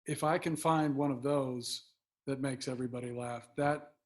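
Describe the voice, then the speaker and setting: A man's voice: mid-range voice, fairly even intonation, normal speed. A man appearing as a comedian guest in a conversational interview, talking in an easygoing, thoughtful, self-deprecating way.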